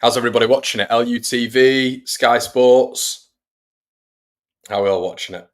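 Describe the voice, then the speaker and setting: A man's voice: mid-range voice, steady tone, moderate pace. Chatty man calling a match. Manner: chatty, reads out viewers' messages between play-by-play. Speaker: fan channel host. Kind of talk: live watch-along match commentary.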